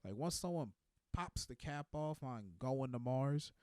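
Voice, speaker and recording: A man's voice: medium pitch, expressive, a little slow, a little mellow, clean tone, dry recording, studio quality. A man in his twenties doing a rambling comedic monologue, laid-back and tagging his lines with "man". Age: 20s.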